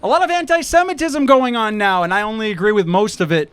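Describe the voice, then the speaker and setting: A man's voice: high voice, fast, smooth. A young man doing a stand-up set on an outdoor rooftop, wry and self-deprecating. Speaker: stand-up comedian.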